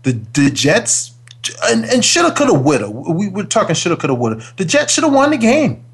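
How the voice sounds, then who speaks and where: On a casual sports talk show, a former pro football player in his forties co-hosts and rants emphatically about calls and teams, exasperated and repeating words. His husky voice is high, swings hugely in pitch, and runs a little fast.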